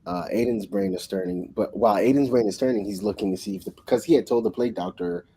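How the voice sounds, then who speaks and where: A man co-hosting a casual book discussion, recapping the plot in an excitable, rambling way with lots of restarts. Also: lowish voice, quick pace, slight background noise, low-quality recording. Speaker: book club co-host.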